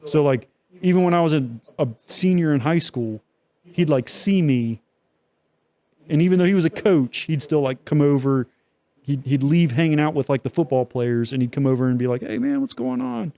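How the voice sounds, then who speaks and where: A man's voice: fairly high pitch, moderate pace, dark tone. A young man co-hosting a podcast, telling a long story in loose, profane casual chat with many fillers. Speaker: podcast co-host.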